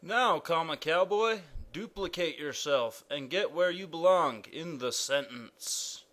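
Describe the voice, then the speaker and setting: A man voicing a pompous, loud male king who proclaims grammar rules in an animated cartoon. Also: slow pace. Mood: commanding. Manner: booming proclamations.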